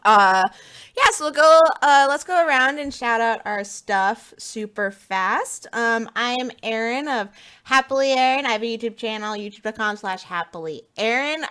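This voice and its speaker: A woman's voice: a little high, sharp tone, clear, resonant tone. Giggly woman hosting a casual podcast. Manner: giggly, chatty, lots of um and uh. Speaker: podcast host. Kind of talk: casual chat.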